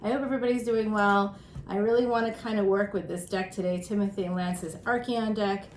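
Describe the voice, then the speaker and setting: A woman's voice: fairly even intonation, brisk. Breathless chatty woman in a roomy space. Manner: chatty, self-mocking, with frequent laughs. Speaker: tarot reader and astrologer. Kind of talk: casual chatty monologue. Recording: roomy echo with faint rumble.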